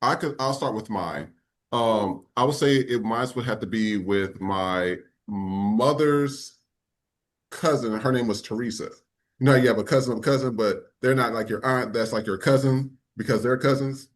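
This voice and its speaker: A man's voice: mid-range voice, normal speed. A man hosting a podcast, telling a personal story in a casual way and repeating words for emphasis. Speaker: podcast host.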